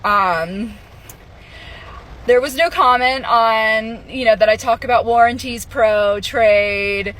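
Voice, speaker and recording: A woman's voice: a little high, fairly bright tone. Sarcastic young woman ranting. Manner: sarcastic, laughing, quick asides. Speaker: retail worker telling of being fired. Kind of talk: casual vlog rant.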